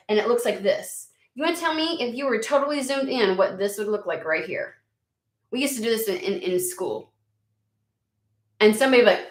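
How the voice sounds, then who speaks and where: A woman's voice: medium pitch, roomy sound. A woman giving a casual tarot reading, chatty and rambling, swearing freely and saying "like" a lot. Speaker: tarot reader.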